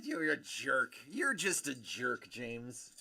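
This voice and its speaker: A man's voice: medium pitch, wildly swooping pitch, slow pace, gravelly, bright, forceful tone. A man hosting a casual live stream, rambling and joking as he reads comments, often stopping and restarting. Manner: rambling, self-interrupting, joking. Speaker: collectibles live-stream host.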